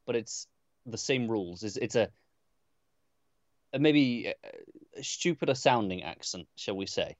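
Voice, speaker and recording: A man's voice: lowish voice, a little slow, pauses often, no echo, lo-fi sound. A man co-hosting a podcast, chatting casually, often restarting and repeating words. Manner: hesitant, repeats words, relaxed. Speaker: podcast co-host. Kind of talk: casual chat.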